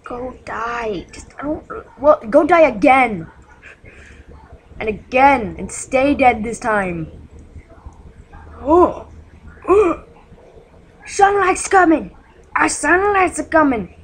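A woman with a raised, girlish pitch talks through her game slowly, stretching out her words. She is jumpy and excitable and trades insults with on-screen monsters. A faint hiss of noise sits under her home desk mic. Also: rough recording. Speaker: gaming channel host. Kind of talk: casual gameplay commentary.

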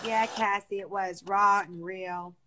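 A woman's voice: medium pitch, fairly even intonation, unhurried, background noise. A woman co-hosting a casual live stream, chatting and reading viewer comments aloud as she watches a show.

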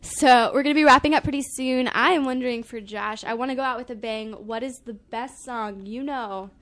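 A woman's voice: a little high, fairly quick, fairly bright tone. A woman hosting a radio show in a studio, talking with a guest in a bubbly and enthusiastic way. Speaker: radio host. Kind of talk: casual radio interview chat.

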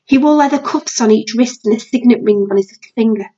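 A woman's voice: fairly high pitch, fast, warm tone, dull audio. A British woman teacher reading a novel aloud to her class.

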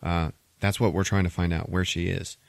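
A man's voice: sits low, little pitch movement, moderate pace, gravelly, no echo. A man voicing a blunt male asylum doctor in an offhand, everyday voice while retelling a film on a podcast. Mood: questioning.

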